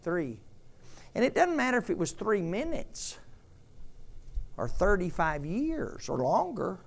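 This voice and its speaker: A man's voice: high-pitched, wildly swooping pitch, measured pace, creaky. An older man preaching a sermon, leading the congregation in repeated call-and-response phrases. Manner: call-and-response, repetitive, emphatic. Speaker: pastor.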